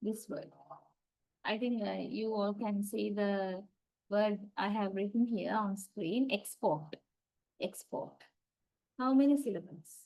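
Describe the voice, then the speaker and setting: A woman's voice: medium pitch, measured pace, gravelly, dark tone, poor audio. A woman giving an online university lecture, explaining step by step and often checking with "right?".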